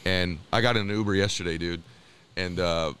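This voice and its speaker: A man's voice: sits low, steady tone, brisk, a bit bright, a little hiss or hum. A man talking as an interview guest, telling stories in an emphatic, earnest way. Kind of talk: casual conversation.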